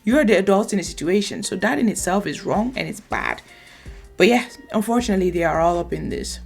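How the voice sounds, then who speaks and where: A woman's voice: medium pitch, fast talker, creaky, slightly rough, faint music behind. A woman hosting a reaction video, commenting in an emphatic, opinionated way. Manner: emphatic, opinionated, lively asides.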